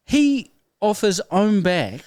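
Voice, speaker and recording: A man with a New Zealand accent, a guest comedian telling stories in a casual interview, animated and often laughing. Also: sits high, slow pace, no echo, clean studio sound.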